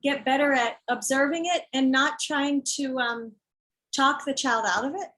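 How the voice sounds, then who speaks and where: A woman's voice: sits high, fairly even intonation, moderate pace, fairly bright tone, rough recording. A woman author talking frankly and emphatically about her children's book, acting out other people's words and sometimes swearing. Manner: swears when heated. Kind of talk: candid conversation.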